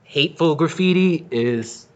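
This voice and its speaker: A man's voice: on the high side, measured pace. A man co-hosting a casual podcast, talking in a loose, rambling way full of slang and cursing. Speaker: podcast co-host. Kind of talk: casual chat. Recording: dull lo-fi recording.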